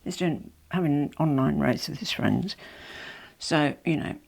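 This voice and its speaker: Aussie lady vlogger, stuffy nose from a cold, bit breathless, gravelly edge, chatty and all over the place. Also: low voice, measured pace, darkish tone. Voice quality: nasal. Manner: chatty, rambling and apologetic. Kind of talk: casual unboxing chat. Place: at home. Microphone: small microphone.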